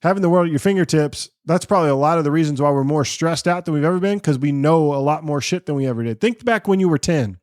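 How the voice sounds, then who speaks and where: A man with a fairly high voice hosts a podcast and chats in a relaxed, loose way, full of fillers. The sound is dry and close. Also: fast talker, hardly any pauses, no echo. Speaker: podcast host. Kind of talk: casual chat.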